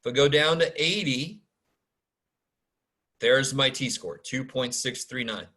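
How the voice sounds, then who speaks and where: Over a video call mic, a man with a medium-pitched, sharp-toned voice slowly teaches a statistics class as a math instructor. The casual online lecture is informal and self-deprecating, peppered with muttered asides and mild curses.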